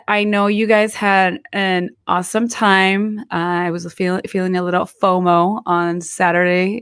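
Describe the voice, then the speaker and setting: A woman's voice: medium pitch, clear, resonant tone, no echo, studio quality. A woman with a Mexican-American accent hosting a podcast, switching between English and Spanish in casual chat, tired and recovering from losing her voice. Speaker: podcast host.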